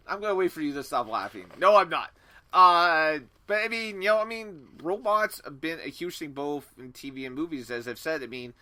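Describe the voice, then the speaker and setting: A man's voice: fairly high pitch, pushed and bright. A man co-hosting a podcast, rambling and playful in casual chat. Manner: rambling, playful, many fillers. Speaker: podcast co-host.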